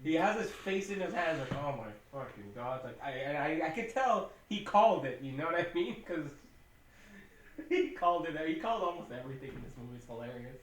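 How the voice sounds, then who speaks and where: A man's voice: a little high, expressive, a little fast, slight background noise. Profane, rambling man in an echoey room. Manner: profane, rambling retelling with acted-out quotes. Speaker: podcast co-host. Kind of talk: casual movie recap chat. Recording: echoey room, mic at a distance.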